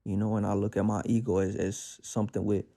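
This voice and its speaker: A man from the Bronx with a New York accent, talking through a casual spiritual monologue at home. His voice sits fairly low, with a gravelly rasp and a dark, mellow tone. He speaks in a reflective, streetwise way, full of slang and fillers. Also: little pitch movement, a little fast. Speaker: podcast host.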